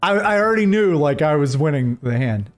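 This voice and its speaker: A man's voice: on the high side, expressive, brisk, faint music behind. A young man streaming a game, telling a rambling story with many restarts and fillers. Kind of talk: casual storytelling while gaming.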